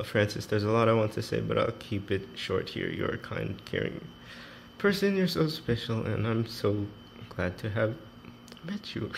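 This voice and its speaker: Guy w a low gravelly voice reading farewell notes, getting teary, faint room noise behind. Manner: reads notes aloud, mixes Korean and English, laughs often. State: emotional, teary. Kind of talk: casual chat.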